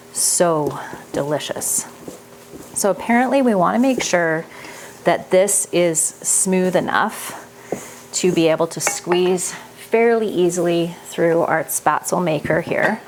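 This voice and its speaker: Canadian woman, chatty home-cooking vlogger, lower voice, faint background hiss. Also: gravelly. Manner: chatty, laughs easily, thinks aloud while cooking. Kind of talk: casual cooking chat. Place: home kitchen.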